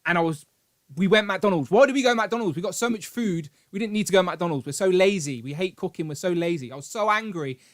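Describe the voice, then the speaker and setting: A British man hosting a live stream, telling a long story in an animated, rambling way with grumbling asides. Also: high voice, fairly quick. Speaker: host. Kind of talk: casual live-stream chat.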